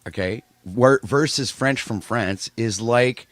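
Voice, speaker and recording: A man's voice: medium pitch, takes it slowly, no echo. A man from Canada chatting casually on an online panel call, laid-back and matter-of-fact. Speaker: panel guest. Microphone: video call.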